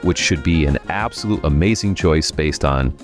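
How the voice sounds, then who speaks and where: Deep-voiced, sarcastic male film reviewer. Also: normal speed, faint music behind. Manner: wry, sarcastic. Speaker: host.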